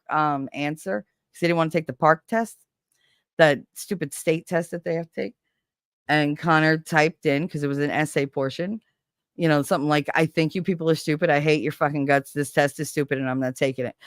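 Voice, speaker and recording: A woman with a lowish voice, recorded dry and close, chatting casually on a stream. She tells stories in an animated, foul-mouthed way, laughing often and acting out the people she quotes. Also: no echo. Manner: animated, swears freely, acts out quoted voices. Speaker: stream co-host. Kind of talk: casual storytelling chat.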